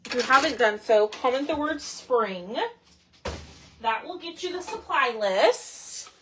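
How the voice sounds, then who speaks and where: A woman's voice: high voice, animated, unhurried, fairly bright tone, a little hiss or hum. A woman hosting a casual crafting livestream, chatting and thinking aloud as she works. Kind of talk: casual live crafting chat.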